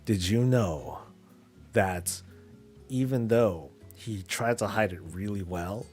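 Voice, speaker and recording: A man's voice: on the low side, slow pace, a little mellow, soft background music. A man voicing a mocking, gossipy female warden in a casual tone.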